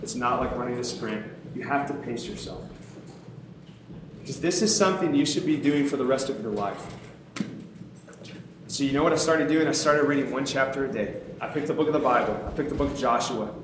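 A man preaching a sermon in an animated, conversational way, poking fun at himself. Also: medium pitch, brisk, heavy reverb, noisy background. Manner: animated, conversational, self-mocking, laughs often.

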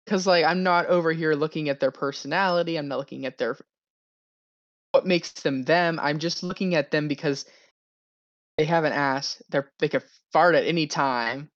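A man's voice: fairly high pitch, fairly bright tone, no room sound. A young man speaks as a podcast guest in a candid, rambling way, often breaking into giggles. His recording sounds dull and lo-fi. The sound is close and dry. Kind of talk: casual podcast chat.

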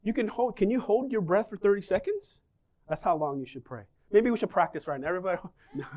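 A man's voice: high voice, expressive, quick pace, dark tone. A man preaching a sermon, joking and asking the congregation questions as he talks. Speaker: pastor.

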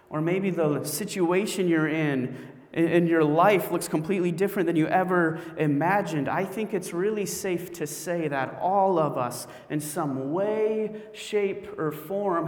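A male pastor preaching a sermon in a conversational, storytelling way, with animated asides. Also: a little high, measured pace. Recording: echoey hall with long reverb.

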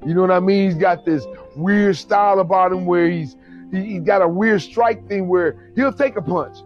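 A man in casual chat about fights, animated and profane, often acting out quotes. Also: high-pitched, moderate pace, dull audio, soft background music.

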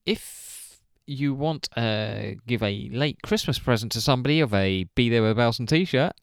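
A man's voice: medium pitch, lively intonation, moderate pace, no echo, studio quality. A man hosting a comedy podcast, chatting casually with lots of fillers and laughter. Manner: rambling, laughs often, many fillers. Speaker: podcast host. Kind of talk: casual chat.

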